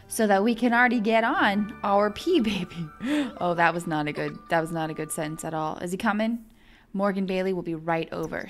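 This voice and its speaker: A young woman with a medium-pitched voice hosts a let's-play video, chattering excitedly and voicing her thoughts as she plays.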